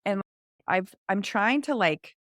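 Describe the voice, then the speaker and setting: A woman's voice: mid-range voice, expressive, a bit bright, dry recording, clean studio sound. A woman in her forties co-hosting a podcast, chatting candidly and reflectively about parenting. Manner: candid, reflective, quick asides. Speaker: podcast co-host. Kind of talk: casual chat.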